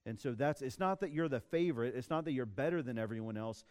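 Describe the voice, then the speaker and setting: A young man delivers a sermon in a relaxed, conversational way, retelling an old story with animated asides and the odd restart. His voice is smooth and clear, sitting at an ordinary middle pitch. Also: fast. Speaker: pastor.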